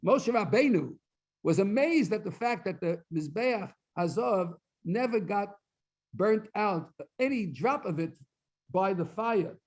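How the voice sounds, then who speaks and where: A man's voice: high voice, lively intonation, measured pace. A man, a rabbi, gives a Talmud lecture in a synagogue, explaining each source phrase by phrase and translating as he goes, sometimes repeating words while he looks for the next phrase. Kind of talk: Talmud lecture at a study completion. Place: synagogue hall. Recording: dull lo-fi recording.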